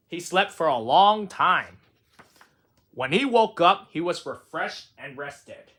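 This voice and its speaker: A man's voice: fairly high pitch, animated, takes it slowly, fairly bright tone. A man reading a children's picture book aloud in a sing-song, playful storytelling manner. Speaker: storybook reader.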